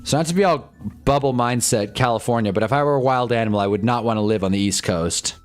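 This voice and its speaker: A young man rambles through live fan commentary, wry and fed up, with a medium-pitched voice. Faint music plays quietly behind him. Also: fast. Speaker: livestream host reacting to a football game. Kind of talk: casual live commentary and chat.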